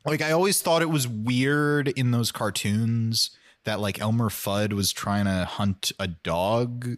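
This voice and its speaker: A man's voice: mid-range voice, measured pace. Joking male podcast co-host. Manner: rambling, joking, laughs a lot. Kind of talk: casual chat recapping a show.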